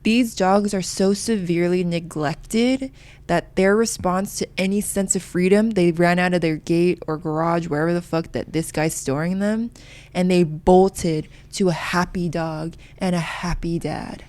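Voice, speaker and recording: A woman's voice: fairly low pitch, fairly even intonation, measured pace, darkish tone. A young woman co-hosting a podcast, talking frankly and with indignation in casual chat. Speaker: podcast co-host.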